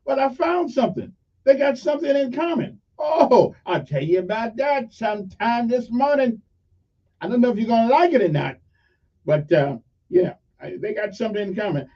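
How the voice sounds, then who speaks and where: A man's voice: very high-pitched, very animated, moderate pace, mellow, far from the mic. An older man hosting a casual morning radio talk show, rambling and joking with many fillers. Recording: muffled audio from off mic.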